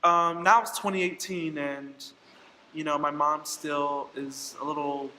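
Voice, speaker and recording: A man's voice: a little high, fairly even intonation, measured pace, sharp tone, a little hiss or hum. A young man vlogging a candid personal story, acting out quoted dialogue with plenty of fillers. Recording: echoey room with long reverb.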